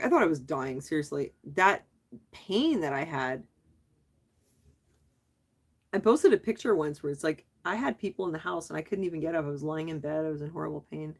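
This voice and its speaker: A middle-aged woman hosts a relaxed livestream, reading viewer comments and answering them in an easy, chatty way. Her voice sits a little low for a woman, and she often fires questions back at her viewers and breaks into laughter. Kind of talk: casual live chat.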